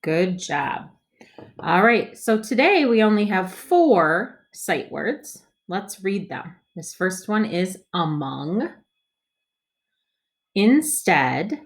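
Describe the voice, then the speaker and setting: Slow, patient woman teaching phonics. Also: fairly low pitch, sing-song. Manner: slow, clearly sounded-out reading with patient prompts. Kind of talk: phonics lesson for young children.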